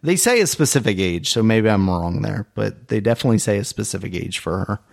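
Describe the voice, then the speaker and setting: A man's voice: lowish voice, lively intonation, a little fast, gravelly. A man co-hosting a podcast, chatting casually and hedging his points with fillers. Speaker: podcast co-host. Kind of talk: casual chat.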